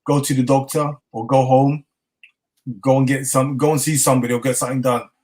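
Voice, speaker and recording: A man's voice: medium pitch, a little fast. A middle-aged man with a London accent, telling his story in a casual interview and acting out the dialogue. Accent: London English. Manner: animated, acts out dialogue, laughs often. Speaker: chef and interview guest.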